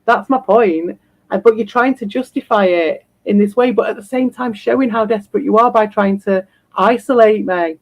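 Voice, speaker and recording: A woman's voice: medium pitch, moderate pace, low-quality recording. A woman streaming live, ranting bluntly and combatively and swearing freely. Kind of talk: livestream rant.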